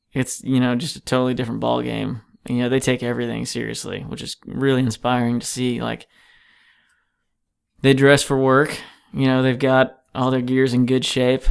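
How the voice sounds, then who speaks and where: A man's voice: medium pitch, vocal fry, clear, resonant tone. A man, a touring guitarist, chatting casually as a podcast guest in a home basement, easygoing and rambling, full of "you know" and "man". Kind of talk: casual chat.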